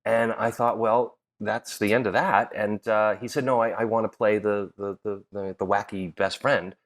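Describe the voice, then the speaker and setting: A man's voice: lowish voice, steady tone, normal speed. Middle-aged man telling showbiz stories. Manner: storytelling, laughs often, many fillers and restarts. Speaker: podcast guest, actor. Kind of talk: casual chat.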